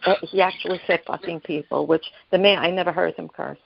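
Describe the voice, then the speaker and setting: A woman telling an emotional personal story as a guest, halting and repeating herself, acting out the voices of the people she quotes. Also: lowish voice, creaky, muffled recording. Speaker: guest sharing her story. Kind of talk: emotional personal testimony on a podcast.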